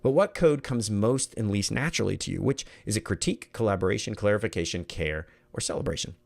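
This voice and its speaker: A man's voice: fairly low pitch, lively intonation, fast, vocal fry, darkish tone. A middle-aged man presenting an online workshop in an earnest, conversational way, often repeating words as he thinks.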